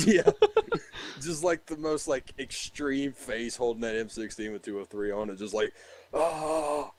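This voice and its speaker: A man's voice: mid-range voice, steady tone, normal speed, low-quality recording. A young man casually telling a rambling, profane story about a military checkpoint, laughing as he goes. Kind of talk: casual chat.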